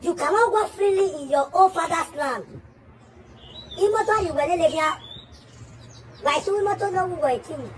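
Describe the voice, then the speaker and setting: Taking a friend's side, a Nigerian woman scolds emphatically in a casual message to the camera, firing off repeated questions. Her very high-pitched voice moves at a moderate pace with long pauses, and crowd noise can be heard.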